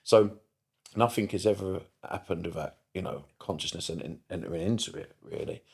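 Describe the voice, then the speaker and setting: On a laid-back podcast, a middle-aged therapist from the UK speaks with energy, cursing a lot and repeating points to drive them home. His voice sits low, gravelly with a breathy edge, and he talks briskly.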